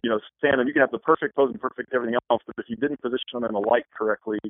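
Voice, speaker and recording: Man, wedding photographer, rapid rambling talk, tinny phone line. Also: medium pitch, steady tone, no echo. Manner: fast, rambling with many restarts. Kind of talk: interview answers.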